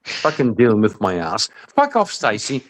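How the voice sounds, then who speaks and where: Profane, lively man mock-ranting in banter. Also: mid-range voice, normal speed. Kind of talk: crude casual chat.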